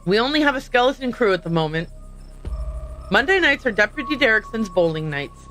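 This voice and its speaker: A woman's voice: a little high, big pitch swings, fairly quick, fairly bright tone, faint music behind. Woman reading Sheriff Hugby, friendly old lawman. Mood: casual. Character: friendly older male small-town sheriff, easygoing.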